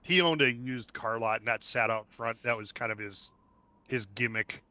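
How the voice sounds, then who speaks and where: A man hosting a casual gaming livestream, talkative and quick to laugh as he explains things at length. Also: mid-range voice, bright, forceful tone, muffled recording. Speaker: livestream host. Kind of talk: casual gaming stream chat.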